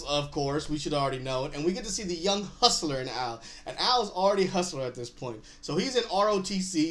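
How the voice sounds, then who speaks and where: A man's voice: on the high side, a bit bright. Male host, 30s, casual recap talk, chatty with frequent laughs. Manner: chatty, laughs often while retelling scenes.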